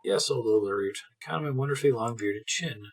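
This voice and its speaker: A man's voice: medium pitch, fairly quick, husky. A man voicing a pompous, posh, old-fashioned male dwarf with plummy upper-class speech in a fantasy game. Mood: jolly pompous.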